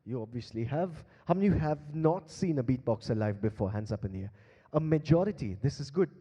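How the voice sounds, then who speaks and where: On a large conference hall stage, a man with an Indian English accent works as emcee and beatboxer, playfully urging the crowd to join in. His medium-pitched voice is animated, fast and mellow with a breathy edge. A handheld stage mic catches him amid long hall reverb.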